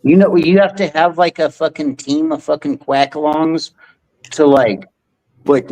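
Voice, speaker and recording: A man's voice: fairly high pitch, steady tone, unhurried, a little mellow, low-quality recording. Heated, profane man ranting on stream. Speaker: livestream host. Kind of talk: ranting livestream commentary.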